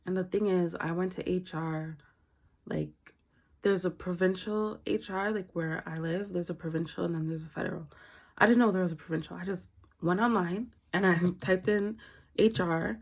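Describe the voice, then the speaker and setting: A young woman vlogger telling a workplace story in a casual, animated, slangy way with a lot of laughing. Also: fairly low pitch, moderate pace, vocal fry, poor audio.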